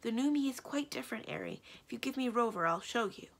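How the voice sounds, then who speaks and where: A woman reading aloud and voicing a sweet, anxious young witch girl who speaks high and earnestly. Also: lively intonation, fast talker, gravelly. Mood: pleading.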